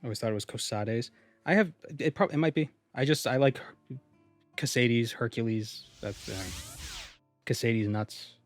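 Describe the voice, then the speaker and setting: A man's voice: mid-range voice, fairly quick, soft background music. Rambling male game streamer. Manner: rambling, reads viewer comments aloud and answers them. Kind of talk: casual live-stream chat.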